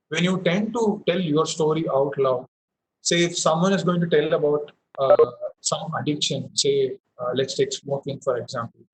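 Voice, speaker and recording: A young Indian man teaches a public speaking session through a headset mic, explaining with many fillers and restarts and demonstrating emphasis. His voice is a little high. The audio is poor, with a little hiss or hum.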